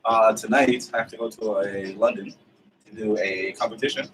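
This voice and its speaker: A man's voice: on the low side, steady tone, normal speed, fairly bright tone, distant mic, a little hiss or hum, poor audio. A man co-hosting a podcast in casual chat, joking around and prodding the others for details. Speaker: podcast co-host.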